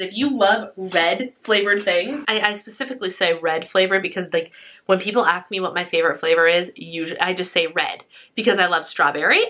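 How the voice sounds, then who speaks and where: A woman's voice: medium pitch, bright, forceful tone. A young woman chatting casually in a food vlog, upbeat and rambling, a little out of breath. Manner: chatty and upbeat, lots of fillers. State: slightly out of breath. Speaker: vlogger.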